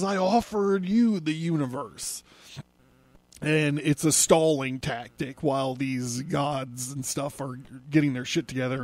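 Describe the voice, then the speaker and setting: A man hosting a podcast, casually recapping a comic book in a relaxed way, chuckling often and using many filler words. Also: a little high, no echo. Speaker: podcast host.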